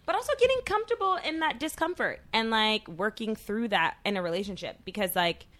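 A woman's voice: fairly high pitch, expressive, a little fast, fairly bright tone. Young adult woman, emotional storyteller, casual co-host. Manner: chatty, emotional, many "like" fillers. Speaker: podcast co-host. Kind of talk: casual chat.

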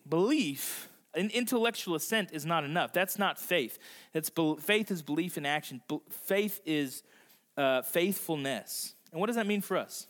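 Man preaching in a reverberant hall. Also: fairly high pitch. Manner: conversational preaching, slows and softens for emphasis; acts out voices in quotes. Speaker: pastor. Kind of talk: sermon. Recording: long reverb of a large hall.

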